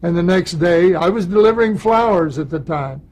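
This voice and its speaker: A man's voice: sits high, moderate pace, low-quality recording. A man in an interview telling an anecdote about an audition, acting out what people said. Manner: lively storyteller who acts out quotes. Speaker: actor recalling an audition.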